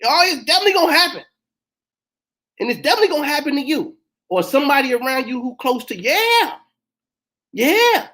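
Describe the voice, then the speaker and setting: A fiery woman preacher whose pitch swings widely from line to line. She hammers her points home and keeps firing rhetorical questions at the crowd. Her talk has the loose, fervent push of a live teaching session. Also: very animated, fairly quick, long pauses, fairly bright tone. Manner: emphatic, full of rhetorical questions and call-outs. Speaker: minister. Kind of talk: impassioned spiritual teaching talk.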